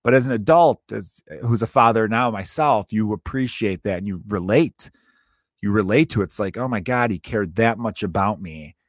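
Male podcast host, 30s, low register, casual and profane storyteller, dry close sound. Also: normal speed, no echo. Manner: rambling, profane, self-interrupting.

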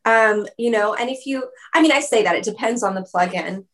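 A woman's voice: on the high side, a little fast. Casual talk, chatty woman full of "likes" and "ums". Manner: chatty, lots of "like" and "um", laughs often. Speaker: musician guest. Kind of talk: casual interview chat. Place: video call.

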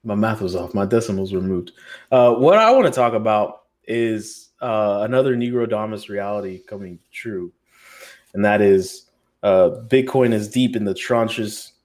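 A man's voice: fairly low pitch, expressive, normal speed, a little mellow. An American man co-hosting a podcast roundtable, talking in a loose, joking, profane, rambling way. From United States. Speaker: podcast co-host. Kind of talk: casual roundtable chat.

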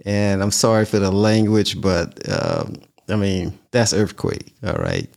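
Gravelly-voiced earnest male vlogger. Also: deep voice, lively intonation, unhurried, a little mellow. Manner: earnest, repeats himself for emphasis. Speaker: vlog host. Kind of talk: casual talk to camera.

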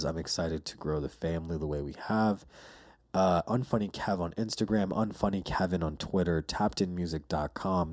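A man's voice: sits low, warm tone. A man hosting his own podcast, telling stories in a rambling, profane, casual way. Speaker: podcast host. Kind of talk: casual solo podcast monologue.

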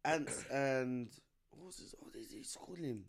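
A man's voice: medium pitch, measured pace. A man, chatting casually and playfully as a podcast co-host. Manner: animated, playful, talks over his friend with slang. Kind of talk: casual chat.

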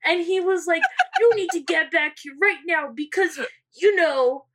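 A woman's voice: extremely high pitch, a little slow, fairly bright tone. A young woman co-hosting a podcast, animatedly telling a dating story, acting out the quotes, swearing and laughing often. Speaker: podcast co-host. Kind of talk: casual storytelling chat.

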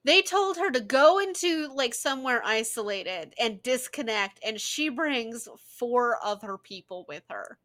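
A woman giving casual, sarcastic running commentary on a film she is watching with a friend. She swears freely and talks in an animated way. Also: on the high side, a little slow, hardly any pauses. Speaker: co-host reacting to a film.

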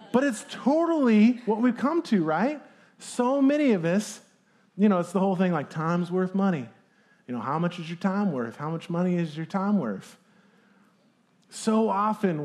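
A man's voice: sits high, darkish tone. A man preaching a sermon as pastor, talking in a casual, conversational way with fillers.

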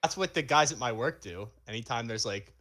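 A man's voice: mid-range voice, lively intonation, brisk, pushed and bright. A young man co-hosting a podcast, laid-back and laughing often in casual chat. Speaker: podcast co-host.

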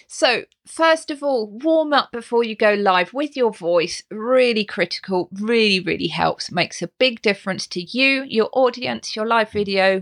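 A woman's voice: mid-range voice, expressive, unhurried, hardly any pauses, fairly bright tone. A woman voice coach hosting a podcast, giving tips in a bubbly, encouraging way. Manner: bubbly and encouraging, with playful vocal demonstrations. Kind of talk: instructional podcast talk.

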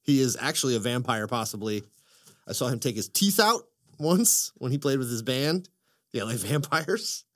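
A man hosting a casual podcast chat, excitable and profane, telling stories with lots of energy. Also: medium pitch, moderate pace. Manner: excitable, profane, animated storytelling. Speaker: podcast host.

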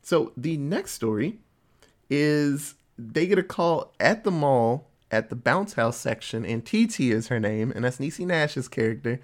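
A man casually recapping a TV episode with a co-host, telling it in an animated way and popping into quick voices for the characters. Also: medium pitch. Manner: animated storytelling with quick voice switches for quoted characters. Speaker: podcast co-host.

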